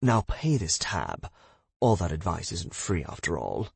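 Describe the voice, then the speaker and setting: Blunt lecturing guild fighter, read by a man; low, husky, close and dry. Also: wildly swooping pitch, a little slow, dry recording, exaggerated voice. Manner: stern, lecturing.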